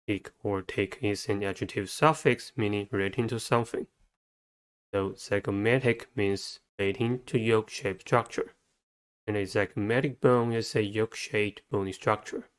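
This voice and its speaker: Smooth low-voiced man teaching spelling. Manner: slow, methodical spelling out of letters and sounds. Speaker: English vocabulary teacher. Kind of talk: scripted instructional narration.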